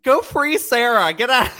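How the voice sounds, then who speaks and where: A man's voice: very high-pitched, sharp tone. A man co-hosting a podcast in casual chat, laughing often as he tells a story, his throat sore from laughing. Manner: giggly, laughs often while telling a story. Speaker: podcast co-host.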